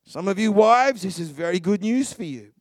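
A middle-aged man preaching a sermon with passion, swinging from hushed murmurs to shouts. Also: high voice, lively intonation, normal speed, no room sound, clean studio sound.

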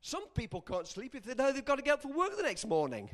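A male preacher delivering a sermon with animated energy, breaking into shouts at moments of emphasis. His voice is unusually high for a man and ranges widely in pitch. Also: fast talker.

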